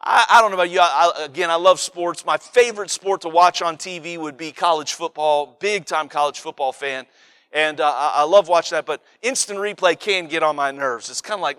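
A man's voice: sits high, animated, fairly quick, fairly bright tone, clear, resonant tone. A man preaching a sermon in a conversational, emphatic way, often repeating and restarting his words.

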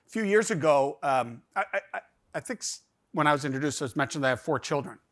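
Lively, high-voiced storytelling man. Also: fast. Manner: animated, rambling, with many fillers and restarts. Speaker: speaker telling a personal story. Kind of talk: storytelling talk.

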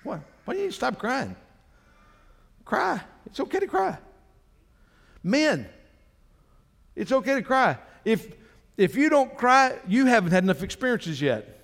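A man's voice: extremely high pitch, big pitch swings, unhurried, gravelly, pauses often, a bit bright, in a large hall. A man pastor preaching a sermon, emphatic, climbing into fervent exhortation.

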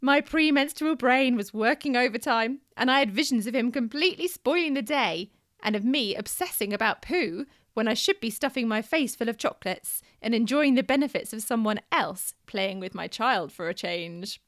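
A woman co-hosting a podcast, reading a listener's letter aloud in an expressive, storytelling way and chatting in between. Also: a little high, normal speed, dry recording, studio quality. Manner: expressive storytelling, often laughing.

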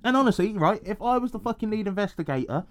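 A man's voice: sits high, expressive, fast talker. A man from England co-hosting a podcast, swearing constantly, laughing often and acting out voices in crude casual banter. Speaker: podcast co-host.

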